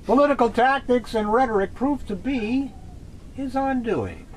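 A man co-hosting a casual political chat, who slowly reads opinion pieces aloud. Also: extremely high pitch, slight background noise, low-quality recording. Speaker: co-host.

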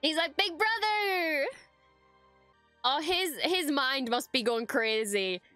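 A woman with a very high voice reacts to a show as a streamer. She is gushing and breathless and swears freely. She often stammers when she is overwhelmed. Her voice is close and dry, with faint music behind it. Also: animated, unhurried, bright, forceful tone, no room sound. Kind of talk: excited reaction commentary.

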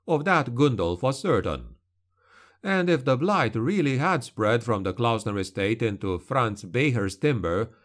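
A man narrating a dark fantasy audiobook in a measured, grave manner. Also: medium pitch.

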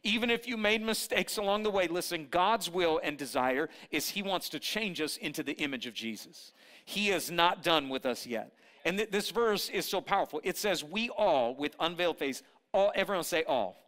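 Male pastor, sermon; high, sharp voice, energetic, rallies the crowd, teasing humor. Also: normal speed. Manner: energetic, calls on the congregation to repeat and shout; playful teasing asides. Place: church service.

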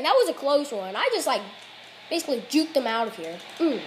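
A woman giving gameplay commentary in a high voice that jumps around wildly, yelling at her teammate and reacting to every hit. She is excitable and quick to trash-talk. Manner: excitable, exclaiming and trash-talking the game. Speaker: gaming commentator.

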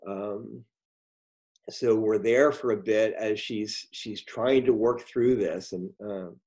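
A middle-aged man telling a story on a video call, halting, with many ums and restarts. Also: lowish voice, fairly even intonation, darkish tone. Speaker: guest speaker. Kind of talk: storytelling talk in a virtual meeting.

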